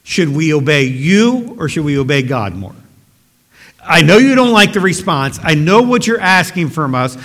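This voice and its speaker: A man preaching a sermon in an earnest, emphatic way that builds to forceful exhortation. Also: a little high. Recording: long hall reverb.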